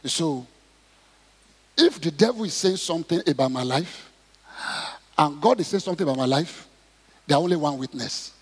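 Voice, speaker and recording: A middle-aged man preaching a sermon, acting out prayers and Bible stories and rising to shouts. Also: on the high side, lively intonation, moderate pace, pauses often, breathy edge. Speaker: pastor. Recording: long hall reverb.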